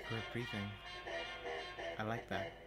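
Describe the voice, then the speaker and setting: A man giving casual, profane gameplay commentary, swinging between low mumbling and excited yelps. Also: slow, over loud music. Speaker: game streamer.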